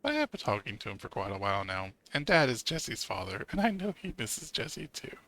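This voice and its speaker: A man's voice: medium pitch, big pitch swings, a little fast, creaky, pushed and bright, no echo. A man streaming a story game, reading its narration aloud and breaking off to chat with his viewers. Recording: game music under the voice. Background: game music.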